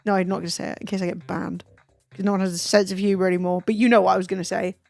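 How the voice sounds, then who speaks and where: A woman's voice: medium pitch, very fast, gravelly, dry recording, faint music behind. A young English woman streaming, chatting casually with lots of swearing and joking asides. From England. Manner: swears freely, animated and jokey. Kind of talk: casual chat.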